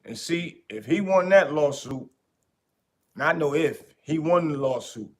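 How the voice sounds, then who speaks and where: A podcast host talking in a casual, animated way, repeating his points for emphasis. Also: on the high side, measured pace. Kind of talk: casual commentary.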